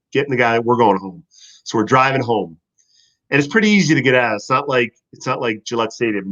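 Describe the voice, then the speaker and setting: A former football player swaps stories in a casual podcast chat, animated and profane, his voice mid-range and the audio dull.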